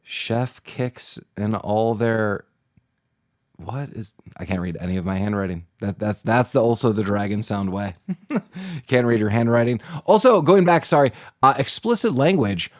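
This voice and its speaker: A man's voice: lowish voice, measured pace, dry recording, studio quality. A man co-hosting a casual podcast chat, joking around and laughing often. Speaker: podcast co-host.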